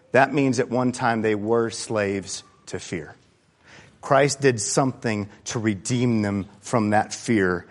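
A man's voice: fairly low pitch, a little slow. A man preaching a sermon, earnest and conversational, often repeating words as he gathers his thoughts. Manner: grows quiet and reflective in the second half.

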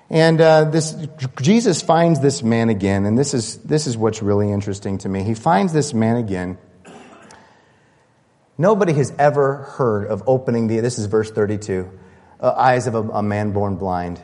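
A man pastor preaching a sermon, lively and building with excitement, often restarting his sentences. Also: lowish voice, normal speed, big-room sound.

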